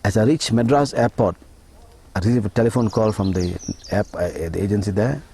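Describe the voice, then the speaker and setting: A middle-aged man from Malaysia, an interview guest recounting a personal story in an emotional, halting way, acting out his own thoughts. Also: lowish voice, creaky, warm tone, a little hiss or hum.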